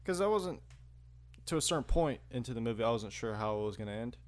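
A man's voice: mid-range voice, lively intonation, quick pace. A man co-hosting a podcast, casually talking about a movie with his friend and laughing often. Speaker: podcast co-host. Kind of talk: casual movie review chat.

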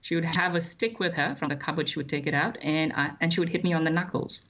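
A man, recounting his childhood as an interview guest in a measured, thoughtful way with frequent hesitations. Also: fairly high pitch, fairly even intonation, fairly bright tone, highs cut off. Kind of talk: reflective personal storytelling.

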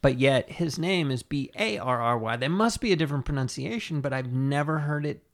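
A man's voice: on the high side, animated, brisk. A man from California chatting casually, mostly reacting briefly and asking curious questions. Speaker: podcast co-host. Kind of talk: casual chat.

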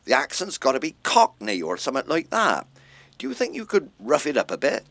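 A blunt, matter-of-fact amateur playwright in a radio comedy. His pitch moves about freely, and the sound is close and dry. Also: very animated, brisk, vocal fry, a bit bright, no echo, exaggerated voice. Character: blunt, eager male writer, adult. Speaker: playwright in an amateur drama group.

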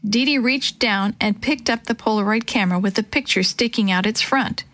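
A woman reading a children's chapter book aloud, telling the story gently and lightly voicing the characters. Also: medium pitch, normal speed, no echo. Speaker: storybook reader.

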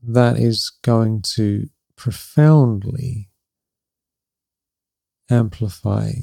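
A middle-aged man hosting a spiritual podcast, gently and reflectively coaching listeners, often checking in with "right?" and laughing softly. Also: lowish voice, steady tone, drawn-out words, vocal fry, no room sound, clean studio sound. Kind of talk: spiritual teaching talk.

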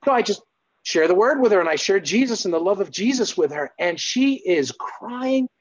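Guy with a high voice telling his faith story, lively and earnest, kinda dull lo-fi audio. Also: normal speed. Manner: earnest, lively, acts out exclamations. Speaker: guest sharing a faith testimony. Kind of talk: animated personal storytelling.

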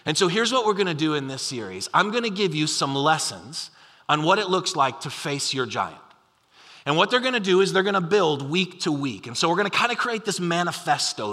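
A pastor delivers a sermon in a church sanctuary, telling the story with emphatic energy. His voice sits high and sounds pushed and bright, and the recording carries a long hall reverb.

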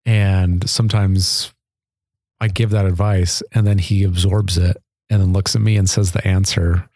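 A man's voice: deep voice, little pitch movement, measured pace, a little mellow, dry recording, clean studio sound. A man, a podcast guest, telling personal stories in an earnest, chatty way with frequent laughs. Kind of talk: casual storytelling.

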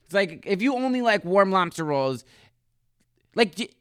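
Podcast co-host, male, sarcastic rambler, smooth voice, animated delivery, dry sound. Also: high voice, moderate pace, dry recording. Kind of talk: casual comedic chat.

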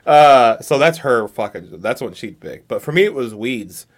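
A young man in casual podcast chat, telling animated, profane stories about TV endings. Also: medium pitch, normal speed. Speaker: podcast co-host.

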